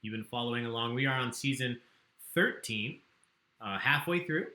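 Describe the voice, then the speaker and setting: A man's voice: mid-range voice, normal speed, pushed and bright, echoey room. A man hosting a livestreamed trivia game, chatty and joking as he reads out the questions. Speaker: trivia host.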